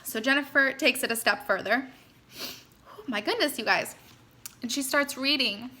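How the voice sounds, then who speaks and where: A woman's voice: sits high, moderate pace, sharp tone. A young woman giving an earnest, encouraging motivational talk to her sales team, speaking straight to her listeners. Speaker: network marketing team leader.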